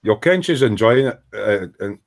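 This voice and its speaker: A man's voice: fairly low pitch, expressive, moderate pace. A Scottish man hosting a casual live stream at his model-making bench, bantering and swearing while he sands. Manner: banter, swearing, dry jokes while sanding. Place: hobby workbench indoors.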